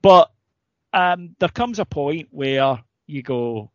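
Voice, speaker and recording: A man's voice: on the high side, animated, slow, no room sound. A Scottish man from Ayrshire, co-hosting a podcast in casual chat, rambling along with wry asides. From Ayrshire, Scotland. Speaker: podcast co-host. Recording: dull lo-fi sound, dry.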